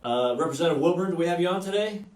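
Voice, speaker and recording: A political candidate from Iowa hosts a virtual town hall over a video call, giving an unscripted campaign speech. His voice is on the high side, expressive and very fast, picked up off-mic from a distance with roomy echo and a crowd behind him. He speaks off the cuff with many fillers and restarts.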